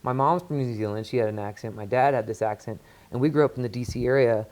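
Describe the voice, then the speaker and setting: Talk-show guest, man from the D.C. area, joking and rambling, medium pitch. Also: fast, darkish tone. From Washington, D.C. area, USA. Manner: joking, rambling, with filler words. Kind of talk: casual storytelling chat.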